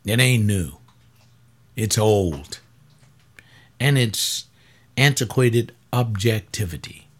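Reading and answering a paper on a webcast, this pastor talks in a loose, rambling way, peppered with blunt rhetorical questions. His voice is weary and aching, slow and expressive with frequent pauses, dropping quiet before climbing sharply when he makes a point.

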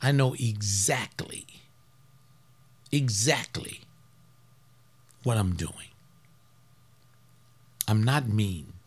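A man preaching a fiery sermon as pastor, swinging from loud outbursts to hushed asides. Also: on the low side, animated, drawn-out words, long pauses, breathy edge.

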